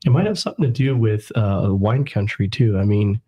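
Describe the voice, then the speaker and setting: A man in a casual streamed chat with a low, mellow voice. He explains points in a measured, unhurried way. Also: slightly rough. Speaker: podcast co-host.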